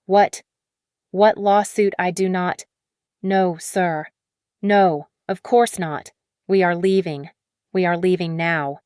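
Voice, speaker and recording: A woman's voice: fairly low pitch, steady tone, darkish tone, clean tone, dry recording, clean studio sound. Woman doing an alarmed executive. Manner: alarmed, hurried. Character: alarmed male corporate executive.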